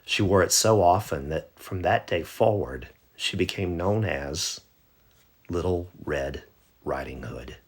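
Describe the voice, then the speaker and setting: A man reads a bedtime story aloud, gentle and measured. His voice sits very low and moves slowly, with a husky, breathy grain.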